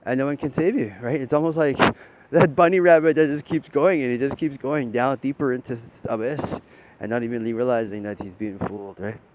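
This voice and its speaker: A man giving a rambling spiritual monologue, often ending his points with "right?" and swearing casually. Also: a little fast. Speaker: spiritual talker. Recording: dull lo-fi audio with faint rumble.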